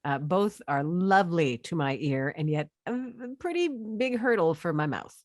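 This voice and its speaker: Chatty woman co-host, lowish voice. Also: expressive, normal speed, dry recording, clean studio sound. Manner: chatty, laughing, trying out accents. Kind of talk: casual chat.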